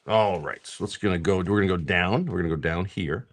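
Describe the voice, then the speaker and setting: A man's voice: low-pitched, lively intonation, fairly bright tone. Chatty man reeling off card names. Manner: rapid card name listing, chatty asides to buyers. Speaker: live stream card seller. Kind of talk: casual pack-opening commentary.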